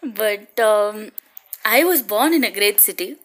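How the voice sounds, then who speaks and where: A young woman in postgraduate studies co-hosting a podcast, chatting in a playful, coy, soft-spoken way. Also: mid-range voice, expressive, slow. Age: young adult. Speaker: podcast co-host and blogger. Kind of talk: casual chat.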